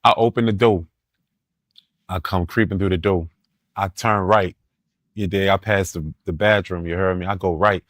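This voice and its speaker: A man telling a casual story in street slang as a podcast guest, laughing and animated, often asking if you follow him. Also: low voice, moderate pace, long pauses, no room sound, clean studio sound.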